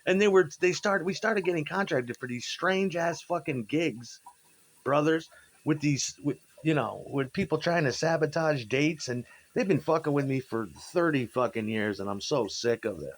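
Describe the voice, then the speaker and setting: Guy swearing a lot telling gig stories, kinda high voice, rambly and worked up. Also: normal speed. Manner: profane, rambling, animated when quoting people. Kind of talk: casual storytelling monologue.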